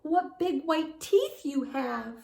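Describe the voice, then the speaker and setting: A woman voicing a quick, cheerful young girl in a fairy tale, eager and wide-eyed. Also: sits high, animated, creaky, a little mellow, pitched above the performer's own voice, full character voice. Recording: roomy echo.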